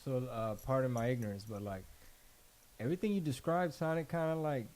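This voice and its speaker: A man's voice: medium pitch, fairly quick, a little mellow, slight background noise. A man hosting a podcast, asking plainspoken, blunt follow-up questions. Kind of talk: casual chat.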